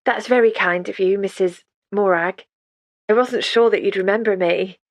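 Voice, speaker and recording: A woman's voice: mid-range voice, normal speed, no echo, lightly acted. A woman voicing a polite, earnest young woman in her late twenties in an audiobook reading.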